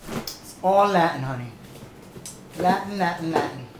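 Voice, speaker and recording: A man's voice: fairly high pitch, normal speed, echoey room, noisy background, natural voice. A man voicing a flamboyant drag diva who hosts a home cooking show, theatrical and gushing, calling everyone honey and darling. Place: home kitchen.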